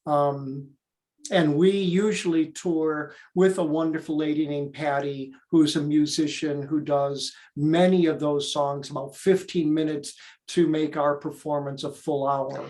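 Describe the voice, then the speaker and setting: Slow, eager older man telling stories. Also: a little high. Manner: eager, animated storyteller. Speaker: theater director and performer. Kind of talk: interview guest, storytelling.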